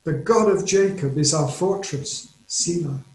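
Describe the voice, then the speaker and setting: Earnest English preacher in a roomy echo. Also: male voice, a little high, a little mellow. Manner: earnest, measured, emphatic on key phrases. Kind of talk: sermon. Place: church or home, recorded for online service.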